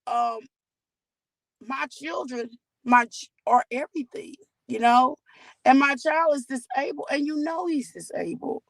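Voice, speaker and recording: A woman's voice: a little high, gravelly, a bit bright, no echo, low-quality recording. Chatty woman hosting a livestream. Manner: candid, chatty, talks straight to viewers. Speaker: livestream host. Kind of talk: casual livestream chat.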